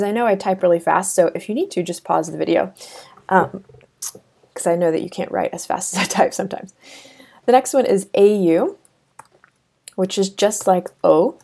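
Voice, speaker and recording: A woman's voice: medium pitch, normal speed, vocal fry, long pauses, dark tone. A woman teaching a French lesson over a screen recording, chatty with many fillers and restarts.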